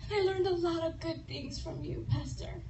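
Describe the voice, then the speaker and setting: A woman with a high voice shares a testimony in front of a retreat audience, acting out dialogue and moving between laughter and tears. She is heard from a distance in an echoey hall, with clear background noise. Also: normal speed, highs cut off. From Chicago. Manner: animated storytelling, laughing and tearful, acting out dialogue. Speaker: speaker at a women's retreat. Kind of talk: testimony sermon. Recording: echoey room from far off with noise.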